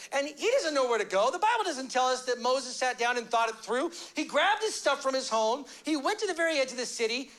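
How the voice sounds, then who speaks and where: A male pastor giving a conversational sermon, acting out quick little voices and shifting his pace and pitch a lot. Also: bright, forceful tone.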